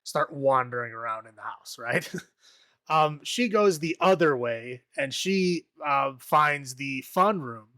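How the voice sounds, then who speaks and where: A man's voice: medium pitch, expressive, slow, bright, forceful tone, no room sound, clean studio sound. A man casually recapping a horror movie on a podcast, rambling, laughing often and acting out the characters' lines. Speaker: podcast co-host.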